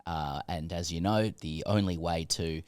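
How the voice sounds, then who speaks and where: Deep-voiced aussie guy, lots of ums, dry close mic, hamming it up like it's a big deal. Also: fairly even intonation, darkish tone, clear, resonant tone, no room sound. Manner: halting, filler-heavy, mock-grandiose. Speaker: co-host. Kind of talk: casual podcast chat.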